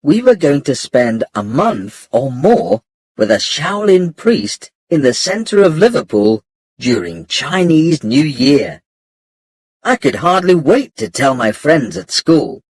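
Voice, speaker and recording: Male narrator for learner audiobook, slow, lively pitch, breathy, dry booth sound. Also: no room sound. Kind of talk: scripted narration of a graded reader.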